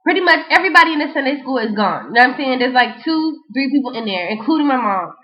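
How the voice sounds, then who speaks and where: A young woman vlogger with a high voice tells casual stories and freestyle raps at a quick pace. She is animated and slangy, often saying "you know what I'm saying," and the home recording is dull and lo-fi.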